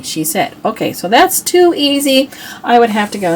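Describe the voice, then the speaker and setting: A woman's voice: medium pitch, expressive, normal speed, slight background noise. A middle-aged woman hosting a homeschool channel, chatting casually and admiringly as she shows old reading books, with restarts and asides. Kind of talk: casual show-and-tell book review.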